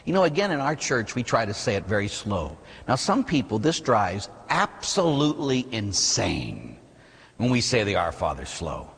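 Priest guy giving a sermon, low-ish voice, big echo in the church. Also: moderate pace, gravelly, breathy edge. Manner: animated, rising to high emphatic peaks. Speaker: Catholic priest. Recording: long reverb of a church.

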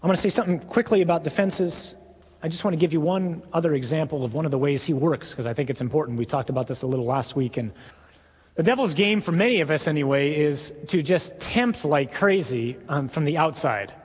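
Male priest, sermon, emphatic with hushed drops, slightly high voice, husky, echoey hall. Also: a little fast.

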